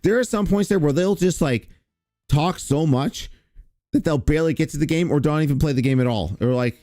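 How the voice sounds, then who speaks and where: A man's voice: a little high, fairly quick, dark tone, no room sound, clean studio sound, soft background music. Sarcastic profane male commentator. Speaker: streamer commentary host. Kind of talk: reaction commentary on stream clips.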